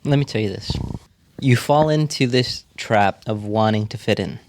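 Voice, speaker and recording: A man's voice: lowish voice, moderate pace, a little hiss or hum. A man on a casual group podcast, telling a personal story and acting out the people in it. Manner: animated storyteller, acts out quoted voices. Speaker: podcast co-host.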